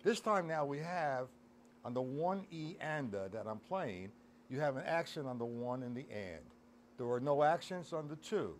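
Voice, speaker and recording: A man's voice: mid-range voice, expressive, normal speed, a little hiss or hum. A middle-aged man giving a casual live-streamed drum lesson, counting beats aloud and talking to his chat. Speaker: drum teacher. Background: drum kit playing.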